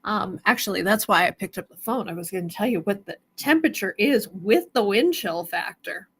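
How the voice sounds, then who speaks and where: A woman's voice: mid-range voice, lively intonation, a little fast, husky. A woman hosting a live stone sale stream, chatting casually and greeting viewers by name.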